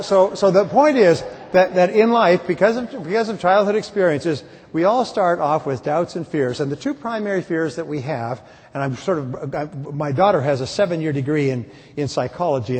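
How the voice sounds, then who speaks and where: A man's voice: on the high side, slight background noise. A middle-aged man giving a motivational conference speech, emphatic and repetitive, with joking stories. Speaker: motivational speaker. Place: large conference hall. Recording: reverberant hall, from far off.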